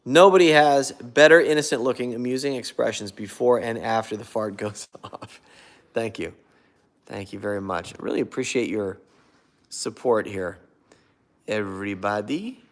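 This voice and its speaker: A man's voice: on the low side, normal speed. A man hosting a casual live stream on his phone, chatting and reading viewer comments aloud. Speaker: prank video host.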